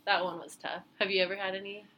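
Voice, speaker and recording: A woman in her twenties co-hosting a podcast, chatty and quick to laugh as she tells stories in casual conversation. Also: mid-range voice, level tone, background noise. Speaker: podcast co-host. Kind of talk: casual chat.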